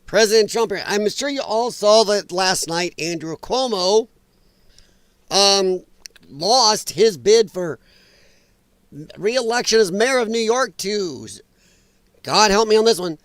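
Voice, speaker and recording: High-voiced and expressive, this political commentary streamer takes it slowly and pauses often, recorded dry on his own mic. He chats sarcastically, laughs a lot, and sounds a bit strained.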